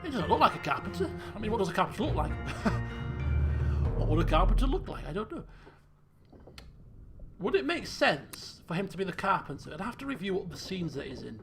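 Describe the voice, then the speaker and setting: A man's voice: sits high, sing-song, fairly quick, pauses often. A man streaming a detective game, thinking aloud and quizzing himself as he pieces clues together. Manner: muses and questions himself. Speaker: let's play streamer. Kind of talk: thinking aloud while playing. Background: game music.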